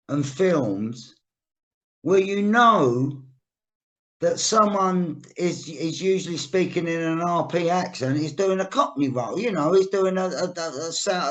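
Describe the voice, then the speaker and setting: London man hosting, fairly high voice. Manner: conversational, filler-heavy. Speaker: podcast host, actor. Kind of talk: casual chat.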